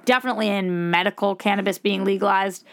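A young woman chatting as a podcast guest, telling stories with animated mimicry. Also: mid-range voice, quick pace, clean tone. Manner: animated storyteller, mimics trolls in a dopey stoner voice. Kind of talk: casual podcast chat.

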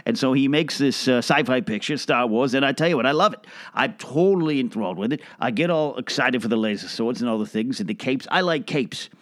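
In a comedic monologue, a man plays an older, boastful Hollywood producer who rambles, name-drops, and keeps restarting his sentences. His medium-pitched, natural voice moves briskly, recorded clean in a studio with no room sound.

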